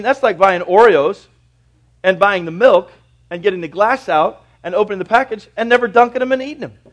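A male pastor preaching a sermon in a church, folksy and conversational, swinging between quiet reflection and loud, lively bursts. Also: high voice. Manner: folksy, conversational preaching with everyday examples and asides.

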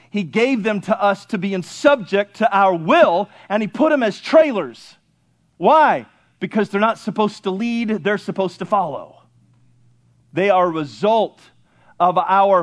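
High-voiced preaching pastor. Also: male voice. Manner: preaching, rising to excited shouts; asks the congregation questions and answers them. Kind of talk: sermon.

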